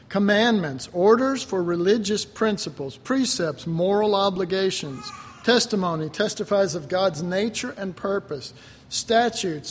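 A man preaching a sermon in a rambling, conversational way, full of fillers and asides. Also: high-pitched. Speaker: pastor. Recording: long reverb with faint ambient noise.

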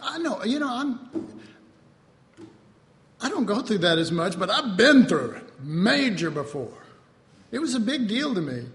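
A man's voice: high voice, very animated, moderate pace, a bit bright, long reverb tail. A man preaching a sermon with self-mocking humor, acting out little dialogues in changing voices.

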